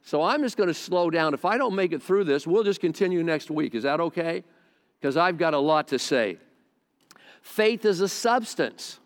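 A man's voice: a little high, expressive, a little fast. A male pastor preaching a sermon to a congregation on a close microphone, talking conversationally with stammered restarts and side remarks. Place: large hall with a congregation. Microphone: close mic near the face. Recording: long church-hall reverb.

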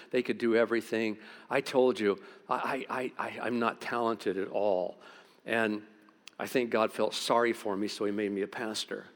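Animated man preaching a sermon. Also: mid-range voice. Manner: animated, swings from loud exclamations to quiet intensity. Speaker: pastor. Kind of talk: sermon with storytelling.

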